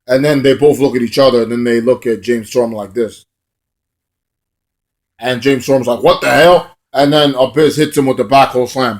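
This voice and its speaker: A man recapping a wrestling show for his channel in a loose, off-the-cuff way. His talk wanders and leans on plenty of fillers, and his voice sits at an ordinary middle pitch for a man. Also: darkish tone. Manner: loose and rambling, full of fillers. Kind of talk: casual spoken recap.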